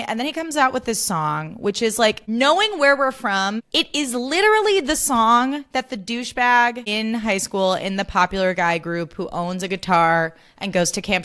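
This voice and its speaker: Woman ranting on her solo podcast, swears a lot, all worked up, middle pitch. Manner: animated, swears freely, worked up. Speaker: podcast host. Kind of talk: solo podcast, casual rant.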